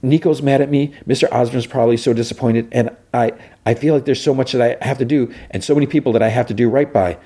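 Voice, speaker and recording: A man's voice: medium pitch, fairly even intonation, fast talker, dark tone, pitched above the performer's own voice, close to an everyday voice. A man voicing a nervous, apologetic teenage boy hero, stammering in a raised voice. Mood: anxious. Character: teen boy hero, earnest, guilty, unsure.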